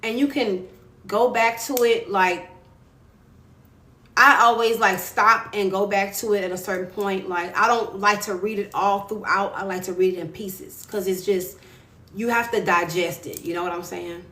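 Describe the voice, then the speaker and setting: A woman's voice: mid-range voice, steady tone, normal speed, bright, forceful tone. Chatty woman on an echoey phone live. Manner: chatty, encouraging, reads out viewer comments. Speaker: author hosting a live stream. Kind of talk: casual live-stream chat. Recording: echoey room with faint ambience.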